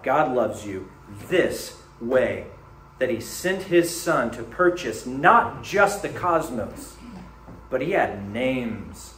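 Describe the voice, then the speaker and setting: A man preaching a sermon as a pastor, animated, dropping to hushed tones and rising to emphatic peaks. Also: mid-range voice, slow, reverberant, slight background noise, low-quality recording.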